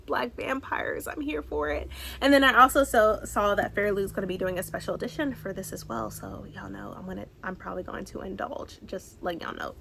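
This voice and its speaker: A woman in her thirties chatting excitedly through a book haul, gushing and sometimes dropping to a whisper. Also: medium pitch, fairly quick, creaky, husky. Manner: bubbly, excitable, gushing, slips into soft whispers. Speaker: book vlogger. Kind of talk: casual book haul chat.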